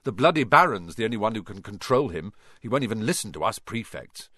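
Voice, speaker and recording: A man's voice: lowish voice, very animated, quick pace, sharp tone, no echo, clean studio sound, heavily acted. A man voicing a pompous, bossy teenage boy prefect who talks in an officious way. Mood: warning.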